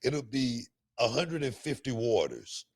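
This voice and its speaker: A middle-aged man co-hosting a podcast, telling stories in a loud, animated way with lots of slang and laughter. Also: medium pitch, a little slow, breathy edge. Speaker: podcast co-host. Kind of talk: casual storytelling chat.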